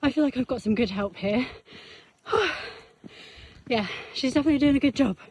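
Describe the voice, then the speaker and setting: A woman's voice: sits high, normal speed, darkish tone, breathy edge. A young British woman vlogging a hill hike with her dog, chatty and self-mocking, out of breath from the climb, filmed on a phone outdoors with faint wind noise. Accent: British English. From Britain. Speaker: hiking vlogger. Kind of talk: casual vlog narration while hiking. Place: outdoors on a windy hill trail.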